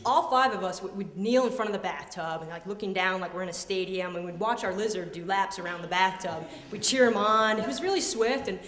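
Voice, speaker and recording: A woman in her thirties tells a personal story live, playful and amused at herself. She acts out the voices of the people in it. Her voice is of middling pitch and rings with a long echo in a large hall. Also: a little fast, hardly any pauses, fairly bright tone. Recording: echoey hall.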